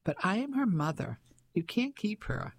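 A defiant young mother, put on by a male narrator, her voice pitched well above his usual tone. She speaks with a high, gushing voice that turns cold and defiant. An audiobook reading. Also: big pitch swings, moderate pace, vocal fry, slightly rough, full character voice.

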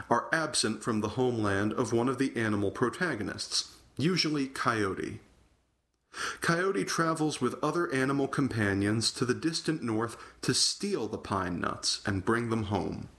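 Guy reading magazine articles out loud, calm even delivery, mid voice. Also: medium pitch. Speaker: volunteer magazine reader.

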